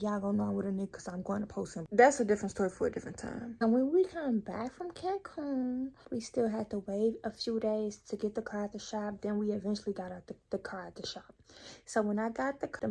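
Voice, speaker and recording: Gravelly young woman telling a story. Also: a little high, dark tone. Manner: chatty, profane, addresses viewers directly. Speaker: vlogger. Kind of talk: casual storytime vlog.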